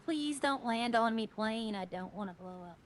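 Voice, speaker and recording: A woman's voice: a little high, expressive, moderate pace, slight background noise. A woman streaming a game, chatting casually with viewers and thinking aloud in a rambling way. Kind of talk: casual gameplay chat to viewers.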